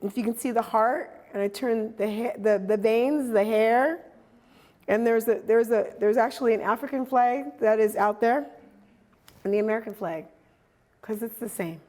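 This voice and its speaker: A middle-aged woman giving a casual talk about her artwork, animated and acting out quoted dialogue as she tells stories. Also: a little high, normal speed. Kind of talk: casual presentation.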